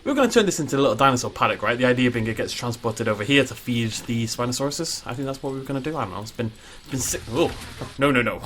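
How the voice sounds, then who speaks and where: A man talking through a game build in a relaxed, chatty way, full of jokey asides and self-mockery. His voice sits at an ordinary pitch for a man, with a faint ambient hum in the background. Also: rapid-fire. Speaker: gaming YouTuber. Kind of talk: casual gameplay commentary.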